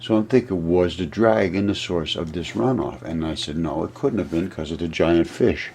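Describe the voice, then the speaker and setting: A low-pitched man with a husky, slightly rough voice talks casually and at length, pointing things out on a map. He rambles with restarts and often breaks into amused disbelief at his own theories. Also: measured pace. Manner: rambling, excitable, laughs at own ideas. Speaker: video presenter. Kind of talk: casual explanatory monologue over a map.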